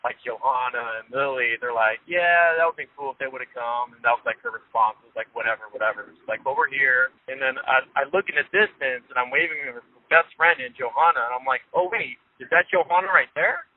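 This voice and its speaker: A man's voice: mid-range voice, fast talker, few pauses, no echo. A man telling a story in casual chat, laughing often and acting out the people he quotes. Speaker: interview guest. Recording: tinny phone line.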